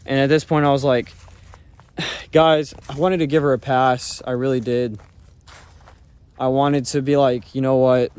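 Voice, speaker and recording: A man's voice: mid-range voice, flat delivery, measured pace, pauses often, a little mellow, clear, resonant tone. Casual rambling man telling his story. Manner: rambling, filler-heavy talk with frequent swearing. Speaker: vlogger telling a personal story.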